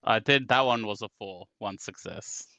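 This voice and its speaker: A man's voice: fairly low pitch, normal speed, creaky, pushed and bright, no room sound, dull audio. A man playing a tabletop game, thinking aloud hesitantly as he rolls dice. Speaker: player. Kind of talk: tabletop game play chat.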